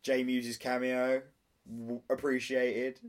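A man's voice: mid-range voice, takes it slowly. A young man co-hosting a podcast, joking around in casual chat and cursing for punchlines. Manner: animated, jokey, swears for punchlines. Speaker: podcast co-host.

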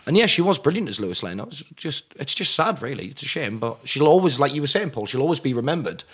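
Excitable regional British man, co-host. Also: medium pitch, fast, slightly rough. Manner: excitable, stumbling restarts, frequent laughs. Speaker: podcast co-host. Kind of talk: casual chat.

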